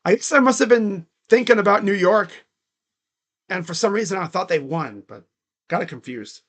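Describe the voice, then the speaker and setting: Young guy doing live play-by-play, high pitched, rambly and slangy. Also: animated, moderate pace, fairly bright tone. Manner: rambling, slangy, chatty asides between play calls. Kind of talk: casual live reaction commentary.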